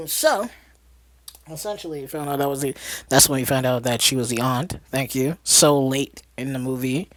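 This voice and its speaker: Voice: medium pitch, moderate pace, fairly bright tone. A podcast host who rambles through a casual movie recap, full of fillers and restarts and laughing along the way.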